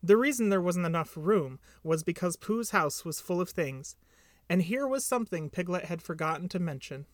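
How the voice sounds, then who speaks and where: Male podcast reader, gentle storybook narration, dry close sound. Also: sits high, animated, moderate pace, dry recording. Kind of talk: storybook reading.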